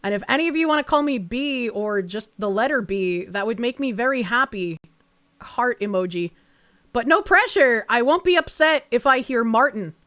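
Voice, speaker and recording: A woman with a high, bouncing voice streams live and reads donor messages. She reacts fast, swears freely and breaks into laughter often. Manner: excitable, profane, quick reactions with frequent laughs. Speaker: VTuber streamer. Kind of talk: casual live-stream chat reading donations.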